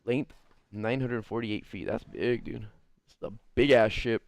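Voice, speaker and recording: A man's voice: mid-range voice, fairly even intonation, measured pace, dry recording. A young man giving casual let's-play commentary as a gaming streamer, joking, swearing and chatting with his viewers.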